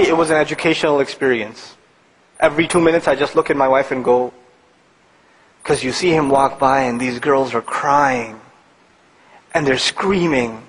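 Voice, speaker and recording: A man preaching a sermon in an animated, conversational way, building to emphatic points. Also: a little high, long reverb tail, rough recording.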